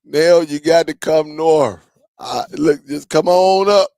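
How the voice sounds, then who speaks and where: Male stream host, unhurried and gravelly, casual slangy banter with chat, dry close sound. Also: on the high side, a little mellow, no echo. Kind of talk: casual live-stream chat reading comments.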